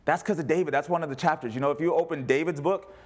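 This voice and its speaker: A man preaching as a pastor, animated, rising to loud cries and dropping to quiet asides. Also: a little high, fast. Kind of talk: sermon.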